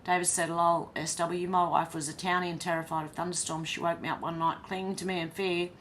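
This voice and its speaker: A woman's voice: fairly low pitch, level tone, brisk, fairly bright tone, slight background noise. An Australian woman hosting a casual livestream, reading viewers' comments aloud and chatting back to them. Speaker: livestream host reading chat.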